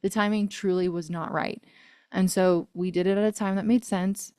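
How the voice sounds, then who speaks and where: A woman in her thirties, mid-range in pitch, telling an emotional personal story as an interview guest. She talks earnestly, laughing often and reaching for words with many fillers. Her voice is recorded close and dry, with no room sound. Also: steady tone, normal speed, warm tone, clear, resonant tone, no echo. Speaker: guest singer-songwriter.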